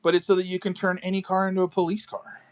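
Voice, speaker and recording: A man hosting a casual live stream from a car shop garage, selling model kits and chatting with viewers, relaxed and chatty, swearing now and then. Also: high-pitched, fast, clean tone. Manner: laid-back, chatty, swears casually, calls viewers dude and bro.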